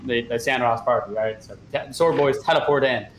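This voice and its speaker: A man rambling through an excitable recap of a tabletop game session, acting out characters with shouts and sound effects. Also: mid-range voice, brisk, roomy sound, slight background noise, rough recording. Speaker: player giving the recap.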